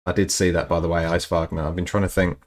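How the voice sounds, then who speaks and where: A man's voice: sits low, little pitch movement, fast. A man bantering sarcastically on a live stream and reading out chat messages. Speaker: streamer co-host. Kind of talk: casual chat.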